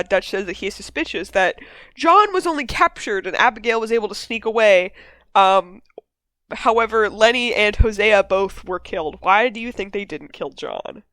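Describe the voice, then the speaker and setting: A woman hosting a casual discussion, talking in an animated way, swearing freely and acting out characters' lines. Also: mid-range voice, dry recording. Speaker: podcast host leading a discussion. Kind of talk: casual chat.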